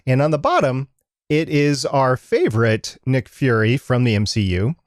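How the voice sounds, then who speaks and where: A man co-hosting a casual podcast, with a mid-pitched, everyday voice. He talks in a relaxed way, pausing with fillers as he gets his words together. The recording is dry and close. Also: dry recording. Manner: halting, lots of fillers when he describes things. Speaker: podcast co-host.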